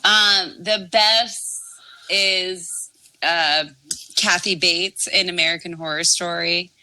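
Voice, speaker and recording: Slow, bright-voiced woman podcaster. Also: on the low side, steady tone, no echo. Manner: corrective, explaining things firmly. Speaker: podcast co-host. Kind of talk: casual chat.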